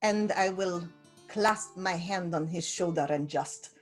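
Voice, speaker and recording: A woman playing a tabletop game, calmly describing her character's actions in the first person. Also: on the low side, slow pace, faint music behind. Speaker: player.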